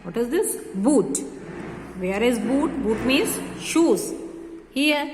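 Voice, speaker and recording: A woman, a kindergarten teacher, slowly repeating phonics words for young children. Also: on the high side, expressive, a little mellow, a little hiss or hum. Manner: slow, drawn-out word repetition, stretching vowels. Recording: echoey room with long reverb.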